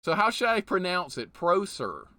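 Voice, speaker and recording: Lively man streaming a game. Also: medium pitch, moderate pace, no echo. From Alabama, USA. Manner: chatty, reads chat aloud, laughs often. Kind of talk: casual live-stream chat. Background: game music.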